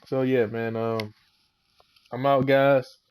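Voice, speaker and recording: A man's voice: mid-range voice, little pitch movement, slow pace, dull audio, a little hiss or hum. A young man ranting heatedly as a fan vlogger, slangy and repetitive. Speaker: sports vlogger. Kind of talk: casual fan rant.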